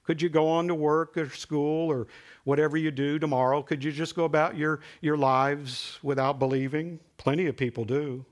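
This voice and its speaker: A man preaching a sermon in a conversational, animated way, building to emphatic peaks. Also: on the high side, moderate pace.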